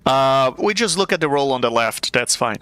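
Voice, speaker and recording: A man running a tabletop game as game master, halting with many fillers. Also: medium pitch, lively intonation, bright, forceful tone, no room sound.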